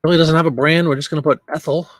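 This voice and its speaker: A man's voice: on the high side, fairly even intonation, very fast, no room sound, studio quality. A man hosting a live listing stream, chatting casually and answering viewer comments while he works. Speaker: live stream host listing items for sale.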